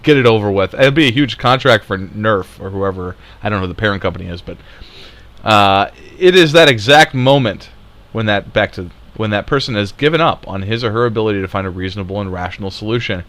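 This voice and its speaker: Guy ranting hard, sarcastic, swears a lot, kinda low voice. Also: brisk, fairly bright tone. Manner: sarcastic, heated, swearing, laughs scornfully. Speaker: commentator. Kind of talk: angry political rant.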